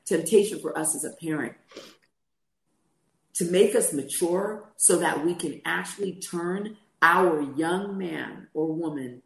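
A woman's voice: deep voice, creaky. A middle-aged woman co-hosting a faith talk show, telling a personal story and acting out the dialogue. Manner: storytelling, acts out quoted dialogue. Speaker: podcast co-host. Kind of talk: personal testimony in casual chat. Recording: roomy echo.

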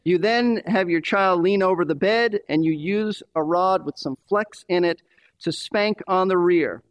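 A man's voice: high voice, unhurried, no room sound. A man preaching a sermon in an emphatic way, repeating key phrases for stress.

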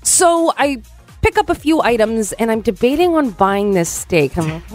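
Radio lady co-hosting the morning show, animated storyteller, pitch bouncing all over, faint music behind. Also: moderate pace. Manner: animated storytelling, acts out voices. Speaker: radio co-host.

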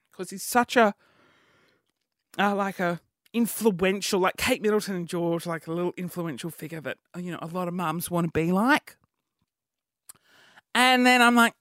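A woman's voice: medium pitch, normal speed, pauses often, no echo, clean studio sound. A young woman hosting a casual solo podcast, rambling and chatty, circling back on herself and restarting her sentences. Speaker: podcast host.

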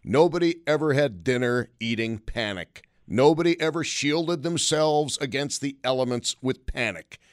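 A man's voice: medium pitch, moderate pace, hardly any pauses, no echo, studio quality. A man hosting a call-in radio talk show, blunt and wry as he takes calls and talks about the news. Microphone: studio microphone.

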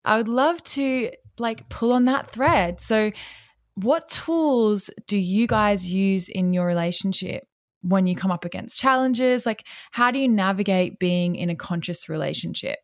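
A woman's voice: medium pitch, unhurried, no echo, clean studio sound. A woman hosting a podcast interview, talking in a gushing, casual way about spiritual growth. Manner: gushing, spiritual wellness talk. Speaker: podcast host.

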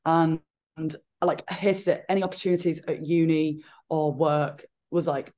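A woman with a regional accent, a fitness coach chatting as a podcast guest, talking in an animated way with lots of "like". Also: low-pitched, normal speed. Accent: regional accent she calls her own. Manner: chatty, frequent "like" fillers, animated retelling. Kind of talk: casual interview chat.

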